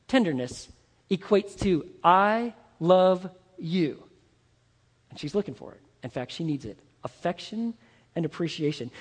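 A male pastor preaching a sermon, speaking emphatically and addressing the men in his congregation directly with rhetorical questions. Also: high voice. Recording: long hall reverb.

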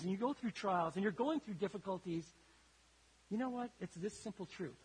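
Husky high-pitched preacher in a reverberant hall. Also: male voice. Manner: emphatic, rises and drops sharply for effect. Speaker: pastor. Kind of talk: sermon with a story.

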